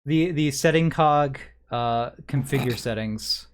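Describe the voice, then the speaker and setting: A man's voice: mid-range voice, takes it slowly, smooth. Rambling man game master. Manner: rambling, lots of fillers. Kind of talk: narrating a tabletop game.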